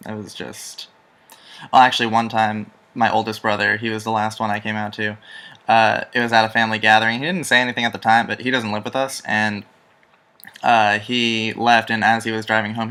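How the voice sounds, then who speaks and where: A man's voice: lowish voice, little pitch movement, moderate pace, bright, forceful tone, smooth. A young man telling a personal story to camera in a chatty, rambling way, correcting himself as he goes. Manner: chatty, rambling, self-correcting, with frequent ums. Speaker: vlogger. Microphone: handheld camera, shaky.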